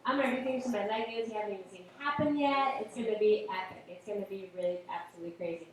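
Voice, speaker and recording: A woman in her late thirties from the Boston area performs a live stand-up set on a comedy club stage, talking fast in a mid-range voice. She is chatty and self-deprecating, full of fillers and asides. Her stage microphone is captured from a distance in roomy live-stream audio.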